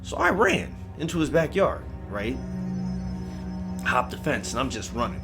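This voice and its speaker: Animated man telling a scary story over music. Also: mid-range voice, measured pace, vocal fry. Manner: casual, profane street-style talk. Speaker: horror story narrator. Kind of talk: first-person scary storytelling. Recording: music bed under voice.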